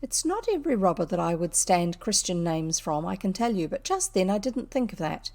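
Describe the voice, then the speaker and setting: Gravelly woman reading a children's story. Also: lowish voice. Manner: lively, unhurried reading with small slips. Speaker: audiobook reader. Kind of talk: storybook narration.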